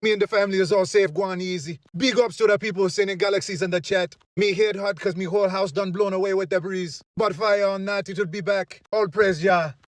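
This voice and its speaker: Man doing a raised-voice, breezy Jamaican beach livestreamer, put-on patois, brisk delivery. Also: high voice, steady tone, no room sound, voice pushed up, lightly acted. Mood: carefree. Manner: cheerful, carefree, praising Jah.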